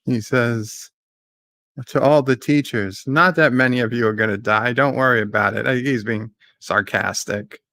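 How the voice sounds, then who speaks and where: A man giving live commentary on a debate. He paraphrases the speakers, reads out viewer chat and gets excitable at times. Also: medium pitch, moderate pace, no echo.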